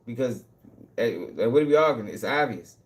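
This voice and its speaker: This channel host is a young man with a mid-range voice who speaks briskly and animatedly. He's ranting on his live stream, hot-headed and casual, swearing, repeating himself and laughing between points.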